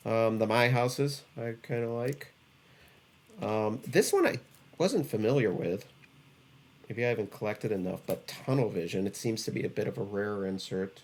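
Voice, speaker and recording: A man's voice: on the low side, moderate pace. A man co-hosting a podcast, chatting casually about trading cards, rambling with many fillers and restarts. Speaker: podcast co-host.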